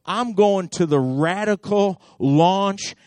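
A male pastor preaching with fiery, repetitive exhortation, his voice sitting high for a man. He swings from ringing calls to hushed, intense asides. The sound is close and dry. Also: slow pace, no room sound. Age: adult. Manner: impassioned preaching with sharp swings between loud and hushed. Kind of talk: sermon.

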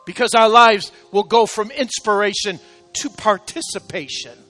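A man preaching an emotional sermon to his congregation, urging them on and rising to shouted exhortation. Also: sits high, normal speed, soft background music. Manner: calls out to congregation, repeats "come on". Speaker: pastor. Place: church sanctuary, live service.

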